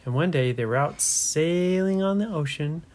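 A woman making up a bedtime story for children, hushed at times and asking the listener questions. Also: low voice, animated, moderate pace.

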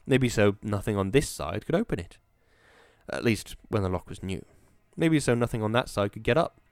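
A man's voice: on the low side, animated, moderate pace, darkish tone, dry recording. A man reading the lines of a defiant, sarcastic young mill worker, with a cocky, mocking delivery.

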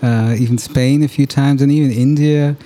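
A man hosting a podcast conversation, reflective and measured, with frequent pauses and fillers. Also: medium pitch, fairly even intonation, mellow. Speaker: podcast host. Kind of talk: casual conversation.

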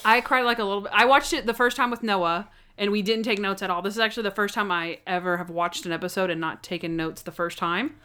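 A young woman co-hosts a casual podcast, with a smooth, resonant voice. She talks eagerly and often slips into little voices for the characters she describes. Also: medium pitch, steady tone, sharp tone. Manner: gushing, quick to act out dialogue in character voices. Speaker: podcast co-host. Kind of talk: casual chat reviewing a TV episode.

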